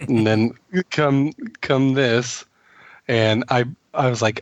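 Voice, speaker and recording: A man's voice: mid-range voice, level tone, moderate pace, no echo. Stuffy-voiced man telling crude stories. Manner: crude, joking storyteller. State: stuffy from a cold. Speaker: podcast co-host, tattoo artist. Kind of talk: casual podcast chat.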